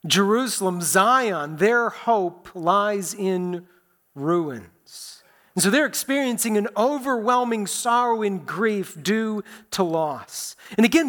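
A man preaching a sermon as pastor, earnest and deliberate, dropping to soft low phrases.

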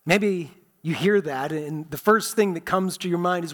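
A man preaching a sermon as pastor, earnest and deliberate, dropping to soft low phrases.

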